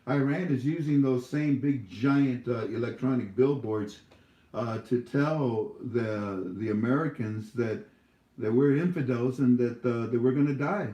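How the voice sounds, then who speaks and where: A man's voice: mid-range voice, unhurried, highs cut off. Preachy man in an echoey room. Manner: scolding, preachy, rambling with many fillers. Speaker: YouTube channel host. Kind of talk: casual monologue to viewers. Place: his home.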